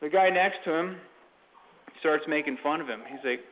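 A man's voice: a little high, normal speed, a little hiss or hum. A man telling a parable in a casual sermon, rambling with many fillers and restarts. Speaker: Christian speaker. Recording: tinny phone-like sound.

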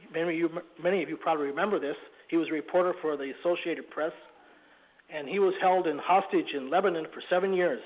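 High-voiced man preaching over a tinny line. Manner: halting, repeats words, clears throat and coughs. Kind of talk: sermon storytelling.

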